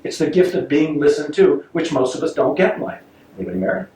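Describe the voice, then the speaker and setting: A man's voice: on the high side, fast talker. A man giving a live sales seminar to an audience, joking and acting out little scenes in his stories. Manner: animated, joking, acts out voices in stories. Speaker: sales trainer giving a talk. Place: meeting room with audience. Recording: roomy, distant mic with faint noise.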